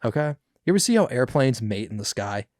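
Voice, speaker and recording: A man's voice: medium pitch, sing-song, fairly quick, a little mellow, dry recording, studio quality. A young man hosting a podcast, chatting casually about news clips, rambling and swearing with many fillers. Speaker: podcast host.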